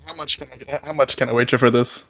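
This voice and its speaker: A man's voice: mid-range voice, fairly even intonation, quick pace, fairly bright tone. A man playing a tabletop game, asking about his moves in a casual, direct way. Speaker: player. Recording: dull lo-fi mic.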